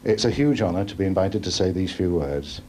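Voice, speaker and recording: A man giving an earnest, measured tribute speech at a dinner. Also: deep voice, animated, darkish tone, a little hiss or hum. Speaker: tribute speaker.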